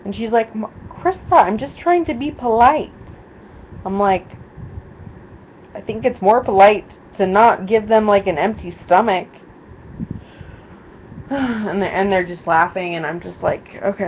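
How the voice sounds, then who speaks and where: A woman's voice: mid-range voice, steady tone, moderate pace. A young woman vlogging casually, rambling through a story with lots of fillers and quoted voices. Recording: dull lo-fi sound with faint noise.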